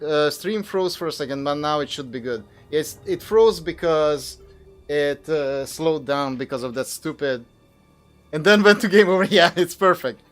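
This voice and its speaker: Young dude streaming a game, kinda high voice, swears a lot, music faint behind. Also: male voice, a bit bright. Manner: cursing, exasperated at the game. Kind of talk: live gameplay commentary.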